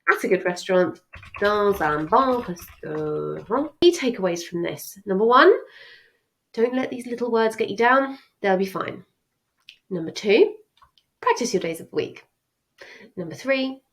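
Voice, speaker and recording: A woman's voice: mid-range voice, low-quality recording. A woman French teacher giving a chatty, reassuring exam revision lesson.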